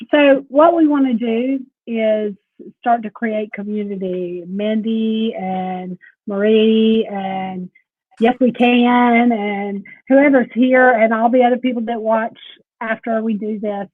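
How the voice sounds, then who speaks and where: A woman co-hosting a casual live-stream chat, talking in a calm, supportive way with frequent ums. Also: fairly high pitch, dry recording, phone-quality sound. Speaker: co-host.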